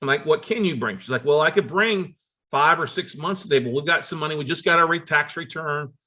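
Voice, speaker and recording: A man tells a story in a conversational way, with a bright, clear voice. He acts out the phone calls and his pitch leaps up when he does. He often stops and restarts his words. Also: fairly quick. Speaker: note investor telling a story.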